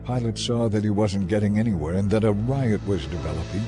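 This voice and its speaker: Man reading scripture, measured and dramatic, deep-ish mellow voice, faint music. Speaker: narrator.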